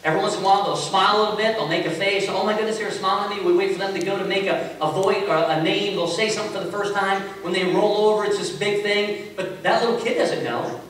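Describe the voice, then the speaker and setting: A man preaching a sermon as a pastor, telling stories in a relaxed, conversational way with self-mocking humor. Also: high voice, fast. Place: large echoey church sanctuary. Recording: echoey hall from far off with faint hiss.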